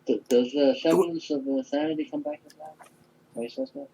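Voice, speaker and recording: A man's voice: fairly high pitch, big pitch swings, a little fast, creaky, mellow, a little hiss or hum, poor audio. A man playing a tabletop game, hesitant and full of fillers as he thinks aloud. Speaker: player. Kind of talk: casual tabletop play.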